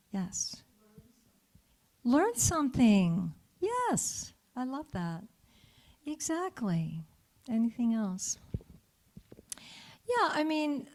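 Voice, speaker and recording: A woman's voice: mid-range voice, a little mellow. A middle-aged woman minister giving a conversational sermon, telling a story and asking her congregation for their thoughts. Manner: storytelling, interacts with congregation, frequent laughter. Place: church sanctuary.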